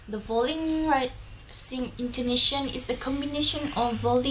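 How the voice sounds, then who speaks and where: A young adult woman student reading a class presentation aloud slowly and carefully, with occasional stumbles. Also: on the high side, a bit bright, a little hiss or hum, low-quality recording.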